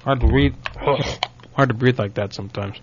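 A man's voice: medium pitch, moderate pace, background noise. A man hosting a radio show, talking in a laid-back, hesitant way. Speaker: radio host. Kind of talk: radio banter. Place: radio studio. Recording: dull radio broadcast with music.

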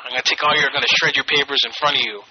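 A man's voice: medium pitch, steady tone, very fast, heavy background noise, natural voice. A man playing a belligerent, bigoted prank caller who taunts and threatens with heavy profanity. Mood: taunting. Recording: muffled, with music behind.

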